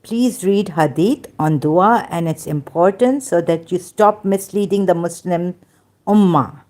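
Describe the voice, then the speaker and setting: A woman's voice: fairly low pitch, unhurried, a little mellow. A woman in pain giving an emphatic, rambling lecture, scolding her listeners. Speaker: religious critic. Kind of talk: lecturing monologue.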